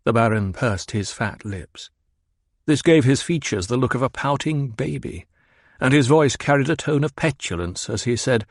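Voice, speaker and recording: A man narrating an audiobook in a low, measured storytelling manner. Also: animated, no room sound, studio quality.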